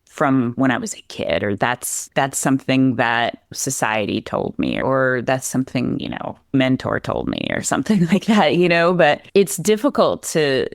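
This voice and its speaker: Woman with a low voice chatting on a podcast, lots of likes, acts out what people said, dry close sound. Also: moderate pace, vocal fry, few pauses, no room sound. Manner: animated, acts out quoted voices, many fillers. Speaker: podcast guest, horse trainer. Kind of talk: casual conversational storytelling.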